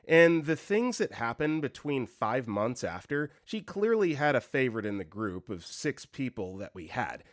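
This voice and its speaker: A man's voice: medium pitch, no echo, studio quality. A man reading first-person stories aloud as a scripted narration. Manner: lively storytelling reading. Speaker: story reader.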